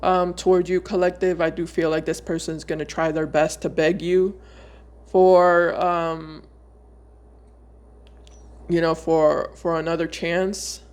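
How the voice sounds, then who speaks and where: A woman giving a casual tarot reading to her viewers. She talks in a loose, searching way, often pausing and repeating words before going on. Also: on the low side, level tone, a little mellow. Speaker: tarot reader.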